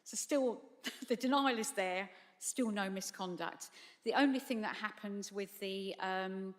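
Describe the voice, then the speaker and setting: A middle-aged woman, a bereaved mother, giving halting, emotional testimony at a public tribunal. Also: medium pitch. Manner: halting, apologetic, tearful at times. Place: large hall at a public tribunal. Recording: long hall reverb.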